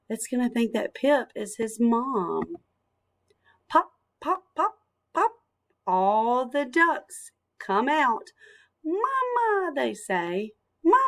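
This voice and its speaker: A woman teacher reading a picture book aloud to young children, in a gentle, sing-song storytelling manner with phonics asides. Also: mid-range voice.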